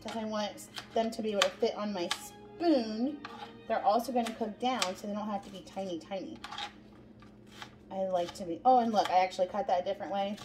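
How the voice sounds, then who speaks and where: A woman's voice: medium pitch, brisk. A woman hosting a casual cooking demonstration in a home kitchen, chatting through each step as she works. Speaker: cooking show host. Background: background music.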